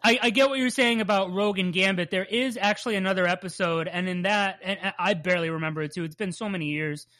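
Podcast co-host, bright voice, rambling, jokey, casual swearing, dry close sound. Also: medium pitch, fast, few pauses, no room sound. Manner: laughs often and plays up bits. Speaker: podcast co-host recapping a cartoon.

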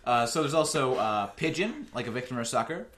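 Lively, playful male podcast host. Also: mid-range voice, brisk. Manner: playful, reads word lists aloud. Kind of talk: casual comedic podcast banter.

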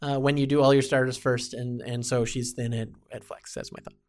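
A man's voice: mid-range voice, flat delivery, fairly quick, darkish tone. A man co-hosting a fantasy football podcast in casual chat, rambling and amused.

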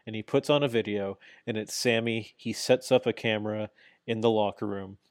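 Animated man retelling a match, low voice. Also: normal speed, no room sound, clean studio sound. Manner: animated retelling, acts out quotes, swears casually. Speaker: podcast co-host. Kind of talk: casual chat recapping wrestling.

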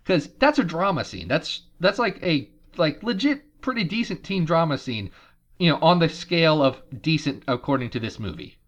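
Podcast host guy, animated, slightly high pitch, muffled lo-fi sound, sarcastic recap chatter. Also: moderate pace. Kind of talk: casual chat.

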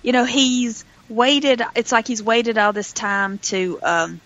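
A woman's voice: a little high, steady tone, takes it slowly, a bit bright. Woman co-host, thinking aloud, muffled mic. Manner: checks her notes, thinks aloud with fillers. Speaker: podcast co-host. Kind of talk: casual chat. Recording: slightly dull, muffled mic.

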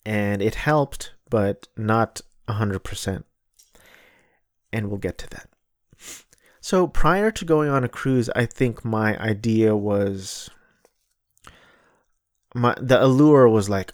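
Man, thirties, casual storytelling, wry, self-correcting, low pitch. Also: slow, pauses often, no echo, studio quality. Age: 30s.

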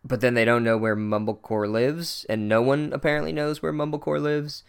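A man's voice: mid-range voice, steady tone, normal speed, gravelly, clean tone. A man giving a sarcastic, profane comedic recap of a book.

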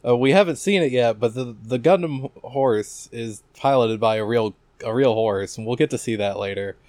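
A man's voice: medium pitch, moderate pace, darkish tone, no echo. A man co-hosting a casual podcast recap, making dry, wry asides. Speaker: podcast co-host.

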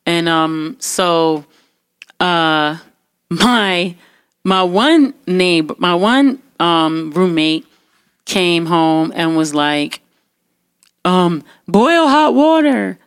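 Young woman, kinda low voice, telling a wild story, lots of "like" and restarts, acts out the quotes. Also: very slow, pauses often, smooth, no echo, clean studio sound. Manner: animated, acts out quotes, many fillers and restarts. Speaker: guest telling a personal story. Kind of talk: casual spoken storytelling.

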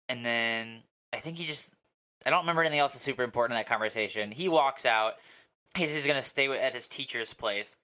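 A man co-hosting a podcast, rambling excitedly through a casual episode recap with lots of fillers and swearing. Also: medium pitch, fairly quick. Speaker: podcast co-host.

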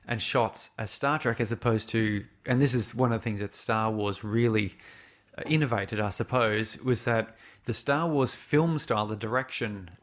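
A man's voice: on the low side, fairly bright tone. Man thoughtfully picking his words. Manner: thoughtful, searching for words, halting repeats. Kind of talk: casual film discussion.

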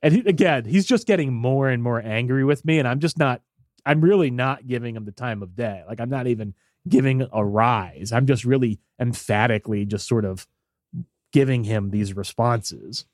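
A man's voice: mid-range voice, moderate pace, no room sound, clean studio sound. A man on a podcast telling a story in casual chat, acting out the voices in it. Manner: animated, acts out voices in quotes. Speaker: podcast co-host.

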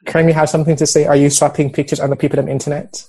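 A man's voice: on the high side, level tone, very fast, warm tone, breathy edge. A man hosting a podcast, chatting loosely and teasing his co-hosts. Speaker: podcast host. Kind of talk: casual podcast chat.

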